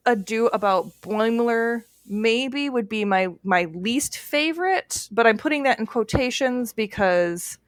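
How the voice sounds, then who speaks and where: A woman co-hosting a casual podcast chat, talking with laughs and pausing to search for words. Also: fairly high pitch, no room sound, studio quality. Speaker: podcast co-host.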